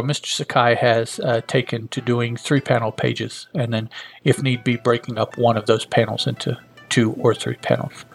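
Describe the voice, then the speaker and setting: A man hosting a show, casually retelling a comic book issue scene by scene with frequent hesitations. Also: mid-range voice. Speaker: host.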